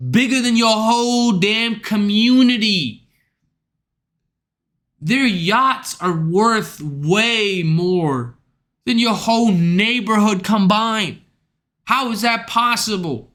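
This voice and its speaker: A high-pitched man with a bright, sharp voice rants to his stream chat. He talks in a loose, profane, exasperated ramble. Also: slow pace. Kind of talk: casual ranting to chat.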